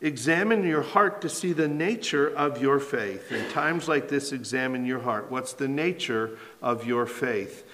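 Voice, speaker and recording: A man's voice: medium pitch, a little slow, hardly any pauses, fairly bright tone, big-room sound. A man preaching a sermon as pastor, asking rhetorical questions and building in intensity as he reads scripture.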